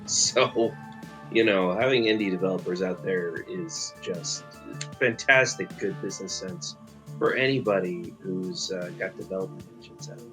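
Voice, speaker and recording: A man speaking in a very low register, sick with a cough but chatting in a lively, wry way as a stream guest. Game music is clearly audible behind him. His talk stays casual. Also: normal speed. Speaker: guest voice actor. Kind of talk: casual chat.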